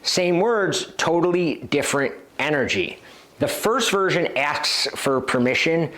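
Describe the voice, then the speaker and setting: A man's voice: fairly high pitch, lively intonation, a little slow, fairly bright tone. Confident male dating coach. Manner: direct, confident coaching with acted example lines. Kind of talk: instructional talk to camera.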